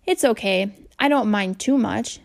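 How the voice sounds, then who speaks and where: A gentle, good-natured schoolboy with a soft, reasonable way of talking, read by a woman in her own everyday voice. The tone carries a low gravelly texture. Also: measured pace. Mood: patient.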